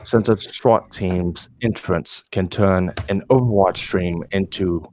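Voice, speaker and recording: A man putting on a deep, slow, sultry reading voice. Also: slight background noise. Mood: deadpan sarcastic. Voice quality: low, slow, deadpan delivery. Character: deep sultry-voiced male article reader. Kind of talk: reading an article aloud in a put-on voice.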